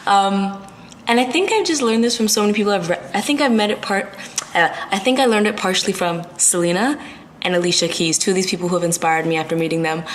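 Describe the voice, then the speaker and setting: A woman's voice: mid-range voice, fast, a little hiss or hum. Outspoken woman in her twenties ranting. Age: 20s. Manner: outspoken, slangy, emphatic. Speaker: vlogger. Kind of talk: casual vlog rant to camera.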